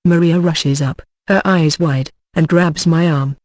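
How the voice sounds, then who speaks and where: A text-to-speech voice narrating an audiobook in the first person, with a steady, even, machine-like read. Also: medium pitch, a little slow, dry recording.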